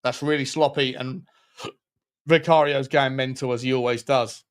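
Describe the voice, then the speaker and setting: A man streaming a football watchalong, giving running commentary on the game with jokes and shout-outs to viewers. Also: mid-range voice, normal speed. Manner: jokey, excitable, chats with viewers between plays. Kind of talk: live match commentary and chat.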